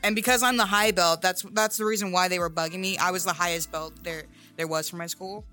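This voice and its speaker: Bright-voiced young man telling a story. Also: high-pitched, fast, soft background music. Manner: profane, animated storyteller. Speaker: podcast co-host. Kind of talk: casual chat, storytelling.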